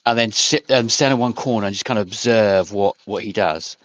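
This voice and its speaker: A man's voice: fairly low pitch, brisk, lo-fi sound. A man playing in a tabletop game, stating his character's actions plainly and decisively. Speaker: player.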